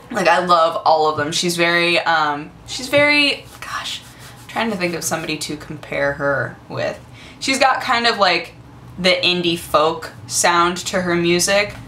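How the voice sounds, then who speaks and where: A young woman in her twenties chatting casually to the camera on her vlog, gushing and excitable with lots of fillers. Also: on the low side, measured pace, a little hiss or hum. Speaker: vlogger.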